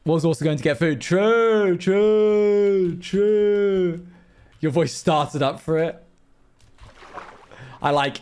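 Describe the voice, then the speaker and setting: A young man, chatting playfully with his audience while livestreaming a game. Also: fairly high pitch. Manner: chatty, quick asides and playful exclamations. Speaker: streamer. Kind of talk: live game stream chat.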